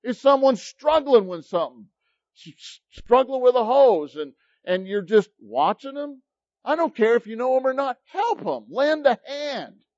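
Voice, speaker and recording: A man preaching a sermon as pastor, telling stories in an animated, emphatic way. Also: very high-pitched, moderate pace, no room sound. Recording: dull lo-fi recording, dry.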